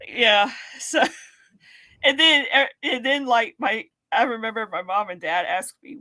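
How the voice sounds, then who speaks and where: A woman with a bright, fairly high voice chats casually, telling stories in an excitable, giggly way. She co-hosts a podcast. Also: measured pace. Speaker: podcast co-host. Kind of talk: casual chat.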